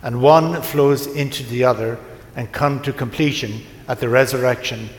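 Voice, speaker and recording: A priest preaching to his congregation, telling a story in a gentle, unhurried way with pauses. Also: medium pitch, fairly even intonation. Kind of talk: sermon. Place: large church. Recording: echoey church from a distance.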